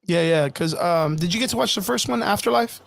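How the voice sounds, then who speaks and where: A man's voice: high-pitched, a little fast, gravelly, dry recording, clean studio sound. A man hosting a casual live stream, rambling loosely with lots of fillers and frequent swearing. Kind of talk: casual chat. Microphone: home streaming setup.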